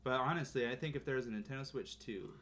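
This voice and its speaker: A man's voice: mid-range voice, quick pace, a bit bright, slight background noise. A man in casual brainstorming chat as a podcast co-host, playful and laughing often. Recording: clear crowd chatter behind.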